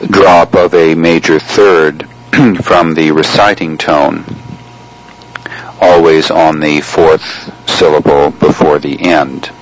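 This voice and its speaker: A man teaching liturgical chant in a measured, explanatory way, pausing often between phrases. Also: very deep voice, steady tone, poor audio. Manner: measured, explanatory, with frequent pauses. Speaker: chant instructor. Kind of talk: spoken lesson on chant.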